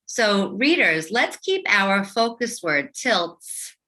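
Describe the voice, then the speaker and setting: A woman teacher leading a young children's phonics lesson, speaking slowly and enunciating each sound clearly. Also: medium pitch, sing-song, sharp tone. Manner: slow, clearly enunciated, sing-song teacher voice.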